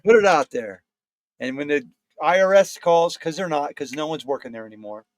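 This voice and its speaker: A man's voice: fairly high pitch, animated, moderate pace. A man co-hosting a comedy podcast, riffing and joking in casual chat. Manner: joking, riffing, laughs often. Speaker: podcast co-host.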